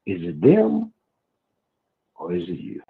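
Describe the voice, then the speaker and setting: Man, lower voice, husky, phone-call sound, folksy, rambling. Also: huge pitch swings, slow pace. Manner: rambling, folksy, repeats words. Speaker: guest. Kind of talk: casual radio talk. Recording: tinny phone line.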